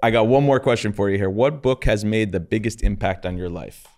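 A man's voice: fairly low pitch, fairly quick, a little mellow. A man hosting a podcast, upbeat and joking in casual chat. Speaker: podcast host.

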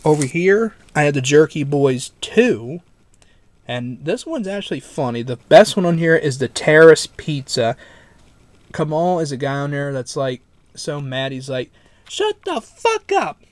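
A man's voice: on the high side, measured pace, no room sound. A man casually showing his collection, talking in a rambling, easygoing way. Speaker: vlogger. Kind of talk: casual show-and-tell.

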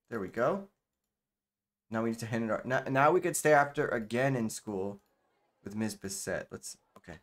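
A man's voice: medium pitch, animated, a little fast, a bit bright. A man talks his way through a video game in loose, slangy commentary. He is chatty and swears freely, like hanging out with a friend. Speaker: gaming channel host. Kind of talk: casual gameplay commentary.

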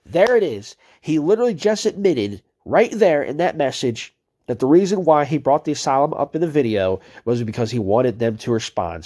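A man's voice: mid-range voice, warm tone. A man giving heated, profane commentary on chat messages he reads out, ranting and cursing as a video creator.

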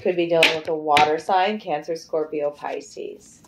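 A woman's voice: low-pitched, steady tone, a little slow, heavy background noise. A middle-aged woman giving a casual, emotive tarot card reading, chatty and loose, swearing freely. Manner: chatty and emotive, breaks into singing. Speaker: tarot reader.

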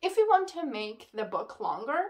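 A woman reviewing books in a casual vlog, excitable and ranting, full of "like" fillers. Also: sits high, moderate pace. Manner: excitable, ranting, heavy use of "like". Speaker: book reviewer. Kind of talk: casual book wrap-up vlog.

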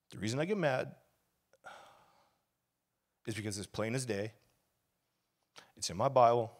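A man preaching a sermon as pastor, telling his story casually and confessionally, then building up to loud, fervent preaching. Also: mid-range voice, slow pace, pauses often. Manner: storytelling, grows loud and fervent, acts out quoted shouts; casual and confessional, with laughs and sighs.

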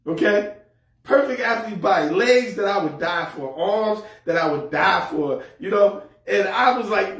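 A man's voice: high-pitched, lively intonation, a little slow, a bit bright. A man preaching a sermon as pastor, humorous and folksy, repeating words as he goes. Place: church sanctuary. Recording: echoey hall, mic far off.

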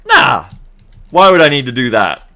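Australian man, game streamer, swearing banter with chat, bright sharp tone, pitch jumping around a lot. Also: moderate pace. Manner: profane, animated banter, sarcastic outbursts. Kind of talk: live gameplay stream chatting with viewers.

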